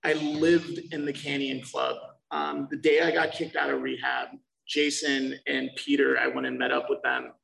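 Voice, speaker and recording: A young man shares his recovery story in a casual, profane way and acts out the conversations he once had. His voice is heavily gravelly and full of fry. He sounds a little distant from the microphone. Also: medium pitch, level tone, moderate pace, a bit bright. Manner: profane, loose, acts out quoted exchanges.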